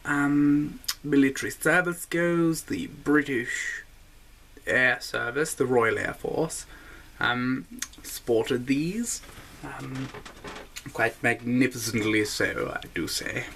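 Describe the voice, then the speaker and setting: A man's voice: fairly high pitch, gravelly, bright, forceful tone, a little hiss or hum, voice pushed up, heavily acted. A man voicing a stuffy, self-satisfied British military officer who draws out his words.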